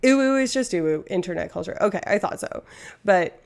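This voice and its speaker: A woman's voice: mid-range voice, animated, brisk, creaky, a little mellow. A young woman from Canada chatting casually on a live stream, rambling and interrupting herself.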